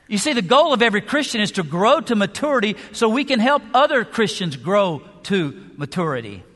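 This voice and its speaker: A man's voice: high voice, big pitch swings, brisk, a bit bright. A man preaching a sermon as pastor, emphatic, with rhetorical questions and shifting pace. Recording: long hall reverb.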